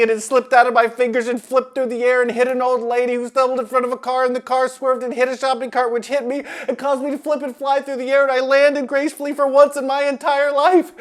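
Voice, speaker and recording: Guy doing a clumsy little kid, high voice, rambling and panicky in a kids story. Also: full character voice. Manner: frantic, rambling, loud. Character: clumsy, curious, apologetic young boy.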